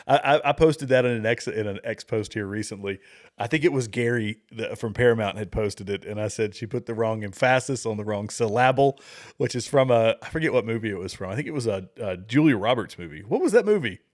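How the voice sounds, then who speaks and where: A man's voice: lowish voice, expressive, fast, a little mellow. A middle-aged man hosting a livestream, chatting casually with viewers, rambling and chuckling at clips. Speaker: livestream host.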